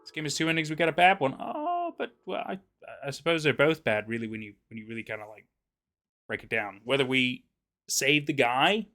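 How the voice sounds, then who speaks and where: Animated, bright-voiced let's play narrator. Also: male voice, mid-range voice. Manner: animated, stumbles over words. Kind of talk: reading a story game aloud and commenting.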